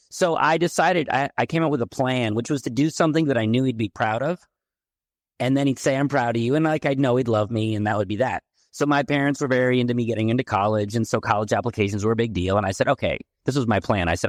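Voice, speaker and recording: A middle-aged man from the San Francisco Bay Area, a podcast guest telling his childhood story in a candid, animated way. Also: medium pitch, fairly quick, dry recording, studio quality. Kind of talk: personal storytelling in a podcast interview.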